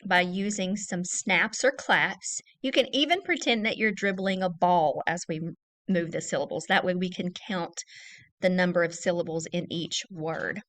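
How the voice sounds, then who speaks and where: A woman teacher giving a recorded early-grade reading lesson, saying each word slowly and clearly and repeating it for young children. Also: on the low side, fairly bright tone.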